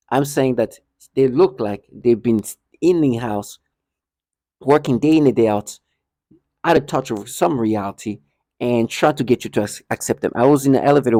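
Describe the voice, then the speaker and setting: A man's voice: mid-range voice, warm tone, dry recording, studio quality. A man ranting indignantly to the camera in a monologue, repeating himself and stumbling over restarts. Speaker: vlogger. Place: indoor building hallway.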